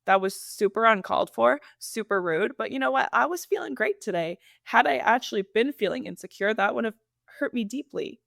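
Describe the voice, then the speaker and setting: A woman co-hosting a casual chat, telling a story in an animated, sassy way with frequent laughs. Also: a little high, fairly quick, gravelly, dry recording, studio quality. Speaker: co-host.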